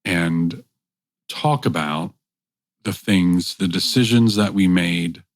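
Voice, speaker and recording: A man's voice: low voice, takes it slowly, no room sound, clean studio sound. A man co-hosting a casual podcast chat, joking around and rambling with restarts. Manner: joking, rambling, self-interrupting. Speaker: podcast co-host.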